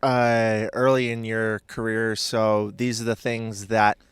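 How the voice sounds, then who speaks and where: A man's voice: fairly low pitch, flat delivery, takes it slowly, clean tone, dry recording, clean studio sound. A man chatting casually as a podcast guest, rambling and hesitant with lots of filler words.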